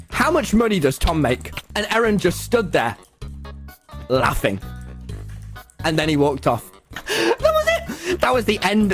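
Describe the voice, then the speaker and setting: A man telling a comedic story to his viewers, acting out the dialogue and laughing a lot. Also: on the high side. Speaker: video creator.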